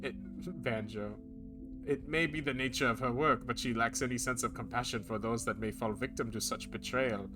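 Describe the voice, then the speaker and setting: A man's voice: mid-range voice, fairly even intonation, moderate pace. Playful male streamer, mid voice, music bed. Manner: jokey, playful. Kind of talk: casual stream chat, reading chat aloud. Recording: game music behind.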